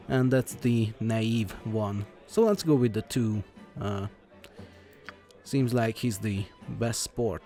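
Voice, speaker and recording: Soft music plays behind a let's play host whose warm, fairly low voice carries his commentary. He reads the game's text without putting on voices, and his delivery is halting, full of fillers and false starts.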